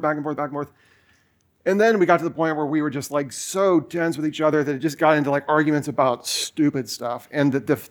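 Casual storytelling pastor, fairly high voice. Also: male voice. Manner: casual storytelling with many fillers. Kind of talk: sermon.

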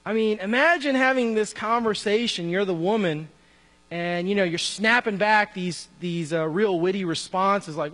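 A high-voiced man preaches in a casual, conversational way and slips into the voices of the people in his story. His words ring out with a long reverb in a church hall. A faint mains hum sits underneath. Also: normal speed, fairly bright tone. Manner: conversational, acts out dialogue. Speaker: pastor. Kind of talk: sermon.

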